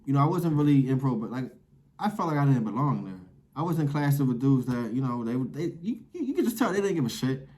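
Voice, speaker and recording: A man's voice: medium pitch, sing-song, fairly quick, darkish tone. A young man casually telling a personal story in a loose, rambling way, full of fillers and swearing.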